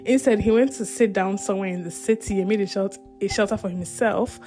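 A woman's voice: mid-range voice, a little fast, mellow, soft background music. A woman leading a Bible study, retelling a scripture story in a chatty way, laughing often and filling with "you know".

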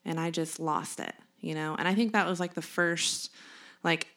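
Young adult woman, lowish voice, candid and earnest storytelling for a podcast co-host. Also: fairly even intonation, moderate pace, fairly bright tone.

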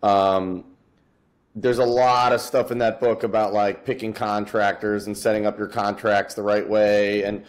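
A man's voice: lowish voice, flat delivery, a little slow. A man hosting a podcast interview, asking questions with loose, casual phrasing and dry sarcastic asides. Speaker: podcast host.

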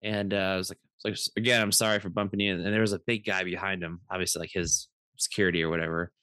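A man's voice: low voice, quick pace, no room sound, studio quality. A man in his thirties, a podcast co-host, telling casual stories full of fillers and restarts. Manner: rambling, animated anecdotes with many fillers. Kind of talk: casual storytelling chat.

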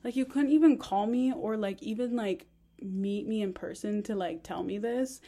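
A young woman speaks openly about her own past, in a casual storytelling monologue. Her voice sits at an ordinary pitch for a woman. She talks loosely and candidly, with lots of fillers along the way. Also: moderate pace, dark tone. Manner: candid and conversational, uses many fillers. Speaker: podcast host.

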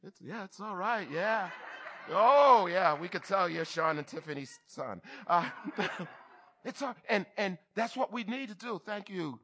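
A bishop preaching a lively church sermon, who talks back and forth with the congregation. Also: male voice, sits high, measured pace, a little hiss or hum. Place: church service.

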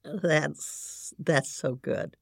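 A woman hosting an interview, speaking gently and repeating words as she starts sentences. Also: low voice, steady tone, drawn-out words, vocal fry, no echo, clean studio sound. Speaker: podcast host. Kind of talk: conversational interview.

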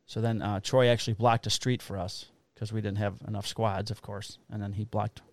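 A man, a police officer co-hosting a podcast, telling a story in a casual, animated way with a lot of swearing. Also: lowish voice, a little fast, dry recording. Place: Illinois.

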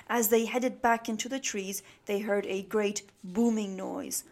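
Slow gentle woman reading a bedtime story. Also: mid-range voice, steady tone.

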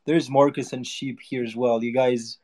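A man's voice: mid-range voice, little pitch movement, normal speed, a little mellow. A man co-hosting an online audio room, upbeat and teasing, laughing often. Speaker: co-host.

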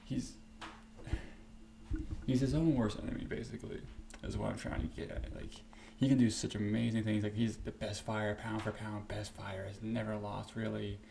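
A man hosting a podcast, talking alone in a profane, rambling and animated way. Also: fairly low pitch, moderate pace, vocal fry. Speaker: podcast host. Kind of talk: casual solo podcast rant. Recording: echoey room with faint background noise.

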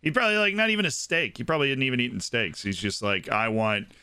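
A man's voice: mid-range voice, sing-song, very fast, bright, forceful tone, smooth, dry recording, clean studio sound. A man co-hosting a podcast, chatting casually about football in a wry, playful way. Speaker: podcast co-host.

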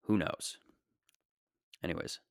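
A man's voice: slow, dry recording, studio quality. A young man hosting a podcast, telling a comic story in a rambling, digressive way that keeps trailing off. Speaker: podcast host. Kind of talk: comedic solo storytelling.

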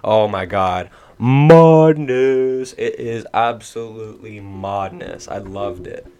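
Young dude on a podcast, lowish voice, laid back, lots of "like". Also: male voice, slow pace, dark tone, clear, resonant tone. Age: young adult. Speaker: podcast co-host. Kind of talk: casual chat.

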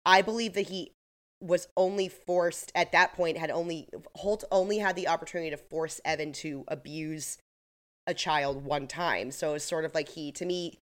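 A woman's voice: low voice, fairly even intonation, moderate pace. A woman co-hosting a podcast, retelling TV scenes in detail in casual chat over a video call. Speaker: podcast co-host. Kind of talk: casual chat recapping a TV episode. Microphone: computer mic on a video call.

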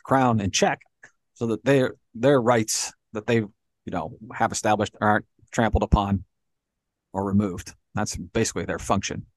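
A man's voice: on the low side, steady tone, moderate pace, no room sound. A man co-hosting a podcast, explaining history at length in casual talk, often dropping "you know" and "right?". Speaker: podcast co-host.

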